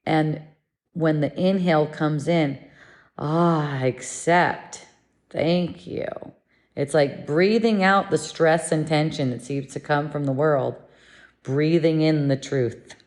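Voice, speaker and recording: A woman giving a gentle, meditative spiritual lesson, speaking in a soothing, unhurried way. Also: low voice. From living in Mexico. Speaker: spiritual teacher.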